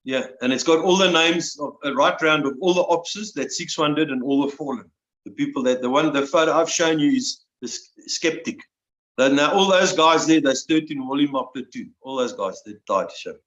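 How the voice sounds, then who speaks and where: Halting man in his sixties. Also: fairly high pitch, fairly bright tone. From South Africa. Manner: emotional, halting, with many restarts and repeated words. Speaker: interview guest, army veteran. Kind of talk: personal storytelling. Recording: roomy, dull lo-fi sound.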